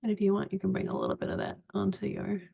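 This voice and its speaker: A woman in her forties giving a chatty, relaxed step-by-step makeup tutorial. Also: medium pitch, racing, gravelly, breathy edge. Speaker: makeup vlogger.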